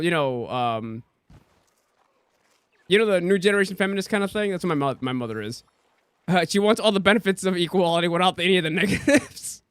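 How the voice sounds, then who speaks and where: Clear and resonant, with no echo, a young man's high-pitched, fairly bright voice carries a profane, casual rant while he streams a game. He imitates the people he quotes as he goes.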